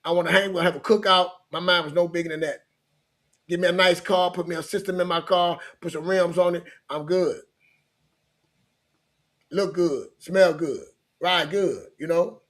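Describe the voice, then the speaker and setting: Telling his life story as a motivational coach, a middle-aged Louisiana man in the United States talks in a loose, conversational manner, often repeating and restarting. His voice sits high, with fairly even intonation and normal speed.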